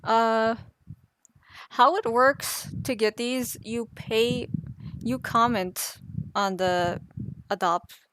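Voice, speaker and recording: A woman's voice: a little high, steady tone, very slow, pauses often, a bit bright, clean tone. A woman chatting casually on a live art stream, rambling and laughing at herself. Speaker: artist streamer.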